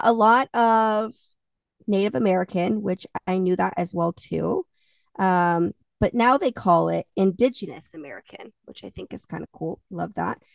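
Chatty woman with a gravelly voice. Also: medium pitch, no echo, distant mic. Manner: chatty, laughs often, swears casually. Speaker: podcast co-host. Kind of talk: casual chat.

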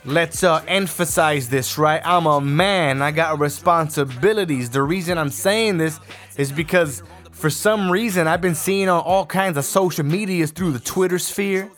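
A man's voice: on the high side, moderate pace, a bit bright, faint music behind. A man hosting his own podcast, talking solo in a blunt, profane, ranting way. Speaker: podcast host. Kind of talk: casual solo podcast rant.

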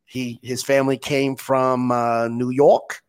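A man's voice: mid-range voice, level tone, smooth. A man hosting a podcast in casual chat, often stumbling and repeating words as he tells stories. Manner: halting, repeats words while telling stories. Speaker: podcast host.

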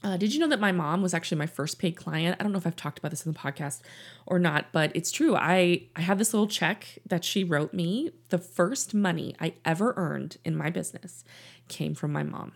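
A middle-aged woman talks earnestly into the mic in her office, coaching her listeners through personal stories. Her voice sits fairly low and has a gravelly fry. Her delivery is gentle and instructive. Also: a little fast. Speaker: podcast host and life coach. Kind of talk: reflective podcast monologue. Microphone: studio mic in her office.

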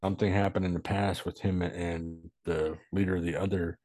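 A man's voice: low-pitched, level tone, moderate pace, a little mellow, no room sound, studio quality. A man co-hosting a podcast, chatting casually about a movie with laid-back, wry asides. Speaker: podcast co-host.

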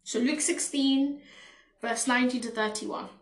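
A woman with a Caribbean accent preaches with bold, repeated emphasis and reads scripture aloud. Her voice sits high and she takes her time. The sound carries a roomy echo. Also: steady tone, a little slow. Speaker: podcast preacher. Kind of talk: informal sermon and scripture reading.

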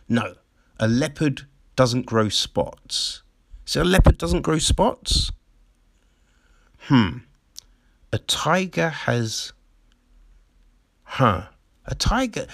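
A man hosts his own show in a loose, rambling monologue, swearing and breaking into laughter. His pitch swings widely while he takes his time with the words. The sound is dry and close. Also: fairly bright tone, dry recording. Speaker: show host. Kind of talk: casual monologue.

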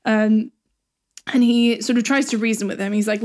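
Chatty woman co-host, irreverent plot recap, bright higher voice. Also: steady tone, moderate pace. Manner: chatty, laughing, paraphrases lines irreverently. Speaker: podcast co-host retelling a play. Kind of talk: casual chat.

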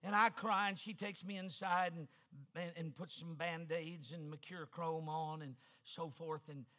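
High, sharp-voiced older preacher man. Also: fairly even intonation, normal speed. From New Mexico, US. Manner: emphatic, repetitive preaching with personal stories. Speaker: guest preacher. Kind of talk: revival sermon.

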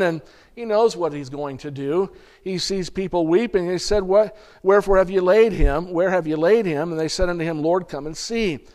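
A man with a notably high-pitched voice delivers a sermon, reading long scripture passages aloud. He talks straight to the congregation as "folks," clearing his throat and restarting words as he goes. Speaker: preacher.

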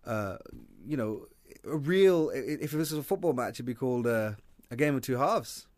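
A man co-hosting a casual film chat, animated and joking, with sudden jumps up in pitch. His voice sits at a middle pitch and sounds dry and close. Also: normal speed, no room sound. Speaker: podcast co-host reviewing films.

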